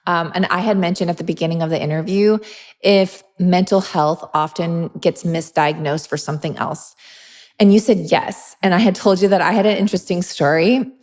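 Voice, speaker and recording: A woman's voice: fairly low pitch, a little mellow, in a large hall. A woman interviewing a guest in a casual podcast chat, telling stories and acting out the dialogue in them. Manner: chatty storyteller, acts out quoted dialogue.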